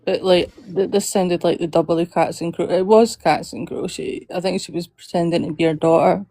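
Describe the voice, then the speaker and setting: A woman's voice: on the low side, steady tone, brisk, mellow, no echo. A woman hosting a livestream, telling stories with lots of giggling. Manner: giggly storytelling. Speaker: livestream host. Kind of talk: casual chat.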